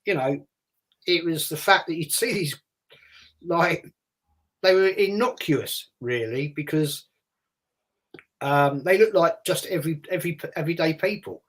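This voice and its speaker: A man's voice: a little high, measured pace, long pauses, fairly bright tone. Older London man telling rambling stories. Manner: rambling anecdotal storytelling with acted-out voices. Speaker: host. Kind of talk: casual chat.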